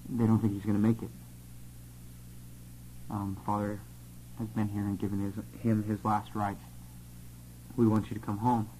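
A man telling a personal testimony of his missionary years in an earnest, steady, plain-spoken way. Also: lowish voice, a little hiss or hum, low-quality recording.

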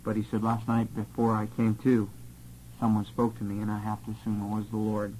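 Man, low voice, flat and steady delivery, earnest personal testimony, plain-spoken storyteller. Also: fairly quick, slight background noise, low-quality recording. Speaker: former missionary telling his story.

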